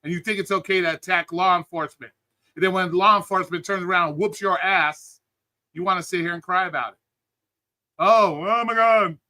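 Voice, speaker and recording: A man's voice: high-pitched, steady tone, fast talker, pushed and bright. A man hosting a live stream, delivering an angry, profane political rant and greeting chat viewers by name. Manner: angry, heated, swearing constantly. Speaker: livestream host.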